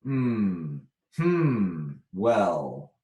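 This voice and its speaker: A man's voice: sits low, big pitch swings, drawn-out words, dark tone, roomy sound. An American man leading a spiritual workshop talk, reflective and chuckling often as he teaches.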